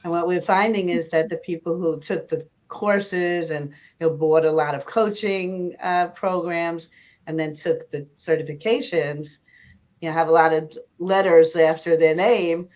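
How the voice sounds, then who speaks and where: A woman's voice: on the low side, unhurried, darkish tone. A woman who runs patient advocate programs, speaking on an online panel with frequent hesitations. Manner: hesitant, many uh and um fillers. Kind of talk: panel discussion. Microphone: video call.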